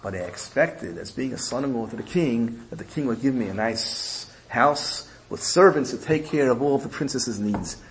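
A man's voice: mid-range voice, lively intonation, moderate pace, hardly any pauses, close to an everyday voice, rough recording. A man playing a cornered village son-in-law who admits fault and makes excuses in a subdued, apologetic way. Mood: sheepish.

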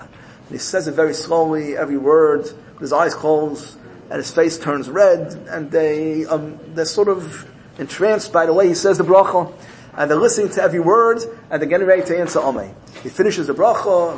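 A man giving a sermon through animated storytelling, repeating key phrases for emphasis. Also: a little high, slight background noise, low-quality recording. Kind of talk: sermon built on told parables.

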